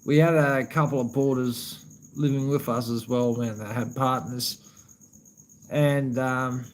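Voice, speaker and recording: Australian live-streamer, a man in the middle pitch range, loose and profane, addresses chat as brother. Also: steady tone, unhurried, low-quality recording. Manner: profane, rambling, calls viewers man and brother.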